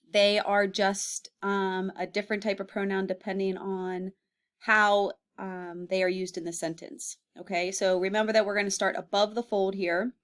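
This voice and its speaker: A woman teacher giving a classroom grammar lesson, patient, often checking in with students and using fillers. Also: mid-range voice. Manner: patient, with frequent "okay?" check-ins and fillers.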